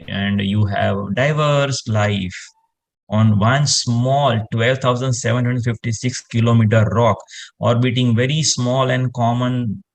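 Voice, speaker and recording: A man, explaining space science in casual conversation and rambling with lots of "you know" fillers. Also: medium pitch.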